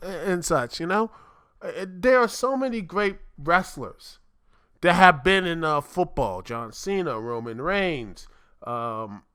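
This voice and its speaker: A man hosting a solo podcast, his voice bright and crisp, a little higher than most men's. He rambles cheerfully and keeps restarting his sentences with plenty of fillers. The sound is close and dry, like a home mic in a small room. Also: no room sound. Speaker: podcast host. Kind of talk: casual solo podcast talk.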